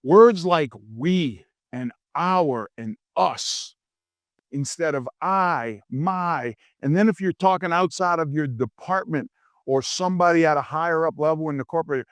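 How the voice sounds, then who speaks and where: A middle-aged man from Louisiana giving a humorous leadership keynote, a lively storyteller who acts out quoted voices. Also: a little high, measured pace, no echo, studio quality. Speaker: keynote speaker. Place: conference stage.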